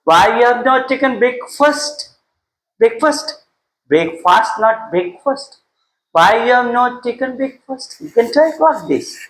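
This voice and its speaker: A man with an Indian accent teaching English phrases, switching into Hindi and repeating each example sentence slowly word by word. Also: very high voice, lively intonation, fairly bright tone, roomy sound, low-quality recording. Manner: slow, drawn-out word-by-word repetition of example sentences. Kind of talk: spoken English lesson mixing Hindi.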